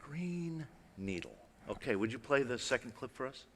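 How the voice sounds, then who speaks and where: A man's voice: medium pitch, fairly even intonation, fast talker, heavy background noise. A man giving a live stage talk as an illusionist presenter, playful and conversational, often asking the audience questions. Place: large hall with live audience. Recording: long hall reverb.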